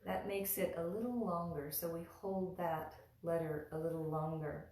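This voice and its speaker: A woman teaching mantra pronunciation in a calm, patient manner, demonstrating each sound and chanting slowly. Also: on the low side. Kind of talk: slow guided pronunciation lesson. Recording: roomy echo, from a distance.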